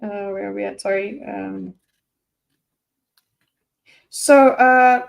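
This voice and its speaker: A woman's voice: mid-range voice, slow pace, gravelly, pauses often. A woman co-hosting a book read-through, chatting casually with lots of "like" and giggly asides. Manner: chatty, giggly, full of fillers. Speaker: co-host reading aloud. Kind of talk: casual chat.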